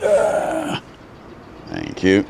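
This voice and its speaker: A man hosting a casual live stream from an outdoor food stop. He rambles between topics and reads out the names of viewers. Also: drawn-out words. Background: faint traffic and building work.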